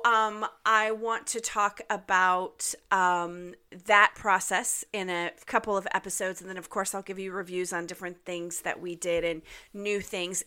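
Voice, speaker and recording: Brief: upbeat woman podcast host, slightly nasal and getting over an illness, bright and clear. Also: mid-range voice. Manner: chatty and upbeat, frequent ums. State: recovering from illness, occasional cough. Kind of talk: casual podcast monologue.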